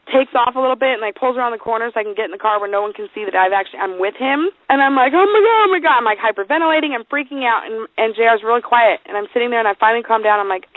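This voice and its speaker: A woman's voice: on the high side, no room sound. Profane woman telling a story over a tinny line. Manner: profane, animated, self-mocking. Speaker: podcast co-host. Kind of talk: casual storytelling chat. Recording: dry tinny phone-like sound.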